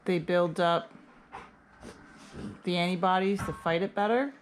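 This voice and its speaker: At home in her kitchen, a woman vlogs while feeding her dogs, chatting casually in a fairly low, unhurried voice. She coaxes them in a rising pet-talk tone. The home audio is noisy, with background ambience.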